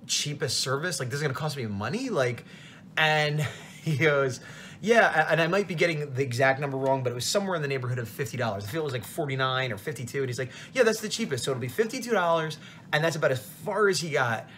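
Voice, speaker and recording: A tired man, a comic artist, telling a rambling, animated story in a casual vlog. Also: mid-range voice, fast talker, slight background noise. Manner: rambling, animated retelling with quoted voices.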